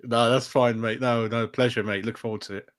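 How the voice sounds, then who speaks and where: A man's voice: mid-range voice, flat delivery, a little fast, slight background noise. Laid-back man joking as a guest. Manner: laid-back, jokey, says "mate" often. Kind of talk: casual chat.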